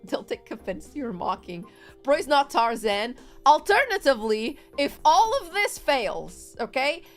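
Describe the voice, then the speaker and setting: A woman's voice: high voice, big pitch swings, unhurried, soft background music. A woman streamer chatting casually on a live stream, rambling in a giggly, playful way. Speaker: VTuber streamer.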